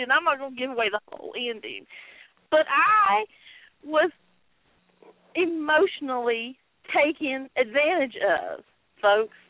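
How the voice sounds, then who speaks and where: A woman co-hosts a casual wrestling talk show, rambling through anecdotes with laughter and plenty of fillers. Her pitch leaps around as she gets worked up. The sound is dry and thin, like a phone line. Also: no room sound. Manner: animated storytelling with laughs and fillers. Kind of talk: casual chat.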